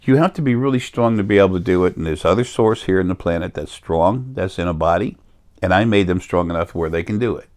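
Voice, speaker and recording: Deep-voiced man rambling on spirit. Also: fast, a little mellow. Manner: meandering, self-correcting, earnest. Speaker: spiritual teacher.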